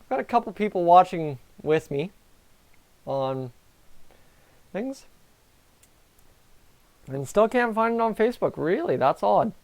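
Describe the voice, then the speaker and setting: A Canadian man hosting a live stream, giving excitable, chatty reaction commentary on a hockey game and talking to his viewers. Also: high-pitched, measured pace, long pauses. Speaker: livestream host.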